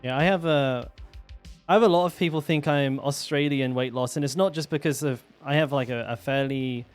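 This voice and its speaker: A man from southwest England with a mild West Country accent, chatting casually while live-streaming a game, relaxed and sweary, often trailing off mid-sentence. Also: mid-range voice, a little fast, smooth, faint music behind. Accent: mild West Country English.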